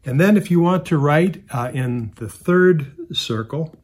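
A man preaching a sermon as pastor, reading scripture aloud and explaining it in an earnest, measured way with occasional fillers. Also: on the high side, animated.

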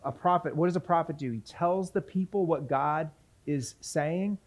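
A man's voice: on the high side, normal speed. A man teaching from the Bible in a sermon, asking the audience questions and reading passages aloud. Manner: reads scripture aloud.

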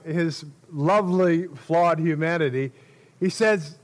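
A man preaching a sermon, telling the story in an animated way and acting out quotes loudly, with short laughs between phrases. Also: mid-range voice, measured pace.

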